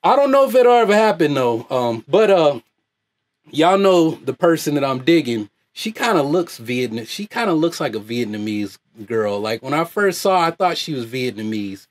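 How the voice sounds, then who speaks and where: A high-voiced man ranting loudly. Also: moderate pace. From United States. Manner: loud, animated, laughs often. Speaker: YouTube host. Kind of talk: profane off-the-cuff rant.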